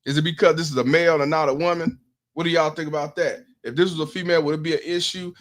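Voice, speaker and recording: A man's voice: a little high, fairly even intonation, fast. Blunt man hosting a commentary stream. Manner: blunt, profane, asks the audience questions. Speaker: host.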